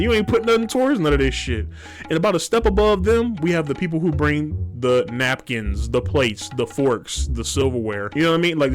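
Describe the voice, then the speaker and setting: A young man giving a casual comedic rant to the camera, swearing freely and slipping into mock voices of relatives. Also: a little high. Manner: animated, profane storytelling with mock voices. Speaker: comedic commentator.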